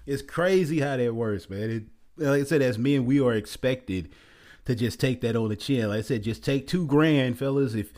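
A man's voice: mid-range voice, moderate pace, darkish tone. A man giving a blunt, exasperated rant in a casual commentary, often repeating himself and restarting his sentences.

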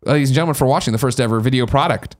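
A man's voice: medium pitch, racing. A man hosting a podcast in a studio, reading listener mail in a boisterous, playful, profane way. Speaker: podcast host.

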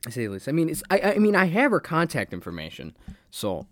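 A man's voice: fairly high pitch, huge pitch swings, fast talker. A young man hosting a solo podcast, rambling and blunt, swearing freely as he talks. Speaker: podcast host. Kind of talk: casual solo podcast monologue.

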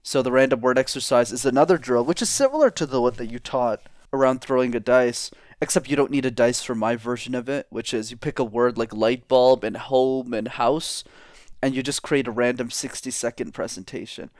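A man's voice: mid-range voice, fairly quick, dry recording, studio quality. A man talking as a guest in an interview, coaching on public speaking and shifting his tone up and down to demonstrate. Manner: animated, demonstrates vocal tones. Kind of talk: energetic interview talk.

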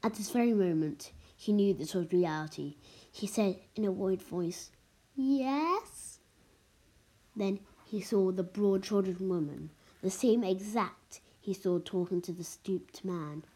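A woman's voice: mid-range voice, a little slow, mellow, breathy edge, poor audio. A woman reading a story aloud in a plain manner, with small restarts.

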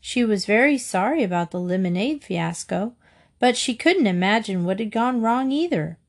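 A woman narrating a children's storybook in a gentle, measured reading voice. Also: medium pitch, expressive.

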